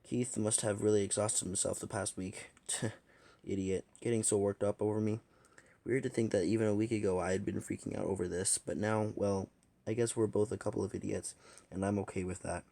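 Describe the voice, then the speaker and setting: A man's voice: fairly low pitch, fairly even intonation, a little fast, vocal fry, warm tone. A man voicing a fantasy audio drama in a casual way, restarting lines as he goes. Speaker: fan audio drama reader.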